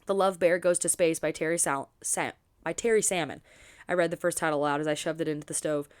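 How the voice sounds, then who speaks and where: A woman reading a romance novel aloud for her book channel, expressive and dropping in quick asides of her own. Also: sits low, smooth.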